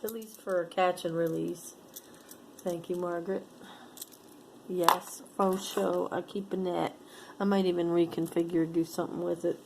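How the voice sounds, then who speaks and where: A woman talks slowly and casually to a camera while she goes through a box of beads and bracelets. Her voice sits a little low, and she muses aloud with small bursts of delight. A faint background noise hangs under her voice. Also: little pitch movement, creaky. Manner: chatty, musing aloud, easily delighted. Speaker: vlogger sorting jewelry for sale. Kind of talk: casual show-and-tell chat.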